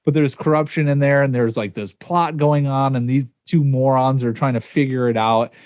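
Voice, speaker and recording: Rambling, self-amused podcast co-host, dry mic. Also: male voice, medium pitch, steady tone, normal speed, darkish tone, no echo. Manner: rambling, laughs at himself, many fillers. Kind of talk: casual chat.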